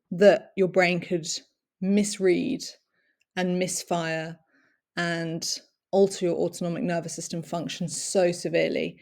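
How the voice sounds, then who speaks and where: A woman speaking at length from her own experience, her voice low and gravelly with a lot of fry. She talks reflectively, pausing to search for words and breaking into soft laughs now and then. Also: flat delivery. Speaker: speaker sharing personal experience. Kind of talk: long-form personal talk.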